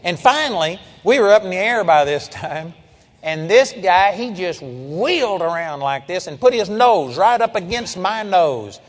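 A man preaching, telling a story in an animated, emphatic way and calling out amen. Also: sits high, a little slow, in a large hall. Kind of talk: storytelling sermon.

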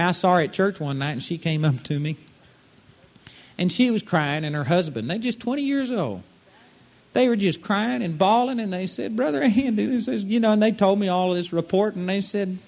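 Animated high-voiced male preacher. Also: a little fast, gravelly. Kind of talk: sermon. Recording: dull lo-fi sermon recording.

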